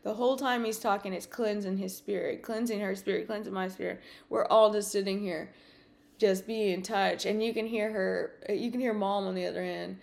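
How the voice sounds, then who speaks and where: Unhurried and gravelly in a mid-range voice, a female podcast host shares a personal anecdote. She's animated and casual, full of fillers and acted-out lines.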